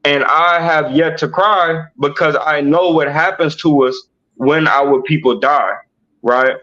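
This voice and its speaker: A man with a fairly high voice teaches scripture on a livestream. He works through each verse slowly and keeps tagging "right?" onto his points. The audio is muffled and lo-fi, the way a livestream sounds. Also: steady tone, pushed and bright. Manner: explains slowly, asks "right?" after nearly every point. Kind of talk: bible study livestream.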